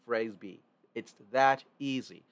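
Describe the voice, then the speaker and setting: Speaking slowly at a medium pitch, a man leads a loose, informal online lesson in music theory. He returns to the key points repeatedly to stress them and often restarts his sentences.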